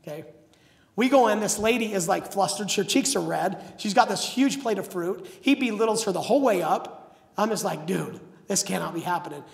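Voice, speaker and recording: A middle-aged man telling stories as a motivational speaker at a live seminar, energetic and acting out the voices of the people he quotes. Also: sits high, normal speed, vocal fry. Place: large seminar hall. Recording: echoey hall.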